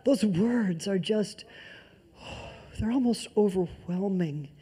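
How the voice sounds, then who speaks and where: Preacher, mid-pitched, mellow tone, sermon with emphatic repetition and soft asides. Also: slow pace. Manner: emphatic repetition of key phrases; swings between loud emphasis and soft near-whispers.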